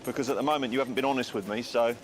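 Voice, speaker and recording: A man questions a traveller in a firm, persistent tone, pressing the same point again and again. He talks quickly and stays in a middle register. Clear background music from a TV documentary runs under his voice. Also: medium pitch, steady tone. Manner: stern, persistent interrogating. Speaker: customs officer.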